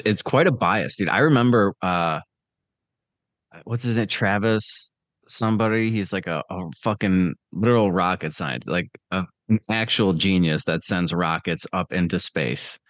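A man with a very low voice hosts a casual podcast, rambling and teasing his co-host with frequent swearing. The recording is dry and close. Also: fairly bright tone, no echo. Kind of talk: casual chat.

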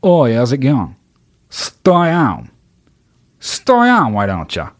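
A man putting on a deliberately bad Australian accent to play a jokey Australian bloke, high and strained. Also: huge pitch swings. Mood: breezy mocking. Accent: mock Australian.

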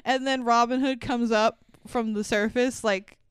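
A woman's voice: a little high, steady tone, unhurried, clear, resonant tone, no echo. Laughing woman recapping a movie. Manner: laughing, swearing, acting out characters in quotes. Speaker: podcast co-host. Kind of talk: casual movie recap chat.

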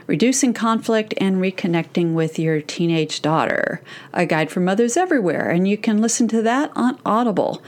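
A woman's voice: medium pitch, a little mellow. A middle-aged woman hosting a solo parenting podcast, talking directly and encouragingly to mothers.

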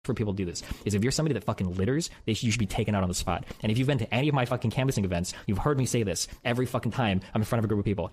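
A man's voice: fairly low pitch, very fast, hardly any pauses, husky. A man streamer ranting heatedly and profanely to his audience.

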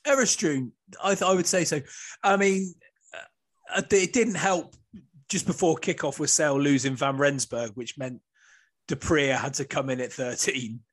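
Man, podcast host, jokey banter, fairly high voice, swears freely. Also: normal speed, a bit bright. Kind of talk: casual banter.

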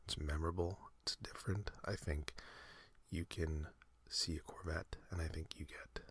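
A man hosting a sleep podcast, talking in a soft breathy whisper, slow and meandering with many fillers. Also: rumbling low, fairly even intonation. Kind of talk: rambling whispered sleep talk.

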